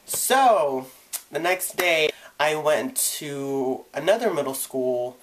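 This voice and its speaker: A young man telling his own coming-out story in a vlog, candid and casual, acting out the people he quotes with sudden jumps in pitch and volume. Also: expressive, takes it slowly, fairly bright tone. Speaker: vlogger.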